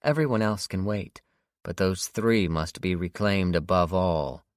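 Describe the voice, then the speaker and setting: A man's voice: low voice, unhurried, no echo, clean studio sound. A male narrator voicing a cold, menacing woman who leads a gang, speaking in clipped, threatening lines. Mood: cold menace.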